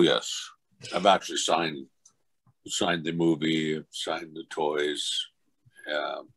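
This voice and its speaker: An older man, a voice actor, telling anecdotes in an interview and acting out other people's voices. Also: poor audio. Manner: animated, acts out other people's voices in high pitch. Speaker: voice actor guest.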